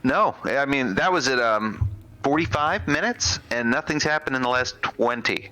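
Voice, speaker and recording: A man's voice: medium pitch, lively intonation, moderate pace, sharp tone. A man co-hosting a live game stream, joking and self-deprecating in casual chat. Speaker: stream co-host and commentator. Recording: faint music behind.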